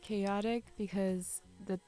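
Deadpan woman DJ guest. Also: slow. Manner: dry, low-key, deadpan. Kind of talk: casual radio interview. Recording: studio radio with music bed.

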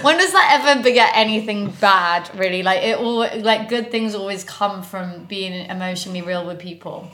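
A woman's voice: medium pitch, normal speed, hardly any pauses, pushed and bright. Chatty giggly woman podcast co-host. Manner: chatty, giggly, many fillers. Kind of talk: casual chat.

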